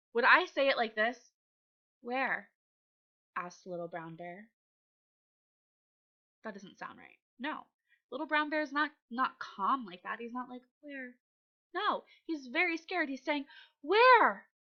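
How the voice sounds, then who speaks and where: Bright, encouraging woman teacher. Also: a little high, muffled recording. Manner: patient, encouraging, sounds out letters. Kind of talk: reading lesson for young children.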